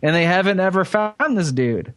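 A man's voice: sits high, animated, normal speed, fairly bright tone, dry recording, soft background music. A man co-hosting a comedy podcast, telling a news story in casual, profane, rambling chat. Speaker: podcast co-host.

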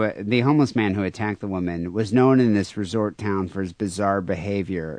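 A male podcast host with a middle-pitched voice, talking loosely and crudely and stopping often on "uh." The sound is dry and close to the mic. It is casual chat between friends. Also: dry recording. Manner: rambling, many fillers, crude humor. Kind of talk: casual podcast chat, reading listener mail.

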